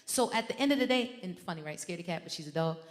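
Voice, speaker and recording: A woman's voice: on the low side, animated, racing. Fervent woman preaching in a reverberant hall. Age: adult with a teenage son. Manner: fervent, conversational preaching with story asides. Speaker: minister. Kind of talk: sermon.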